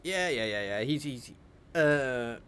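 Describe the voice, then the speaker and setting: A man's voice: medium pitch, lively intonation, slow, a bit bright, smooth. A man making casual, self-aware asides as a let's play host. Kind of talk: casual gameplay commentary.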